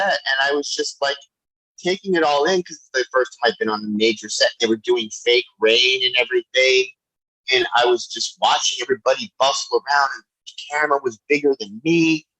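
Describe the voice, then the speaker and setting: A middle-aged man, a guest actor, telling a lively anecdote and acting out the voices of the people in it. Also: mid-range voice, poor audio. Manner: animated storyteller, acts out quoted voices. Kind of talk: anecdotal storytelling.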